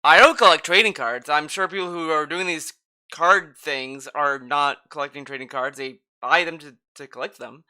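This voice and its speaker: A man's voice: fairly high pitch, fairly even intonation, moderate pace, bright, forceful tone, clear, resonant tone. A man reacting to a stream clip, mocking and sarcastic, swearing freely as he comments.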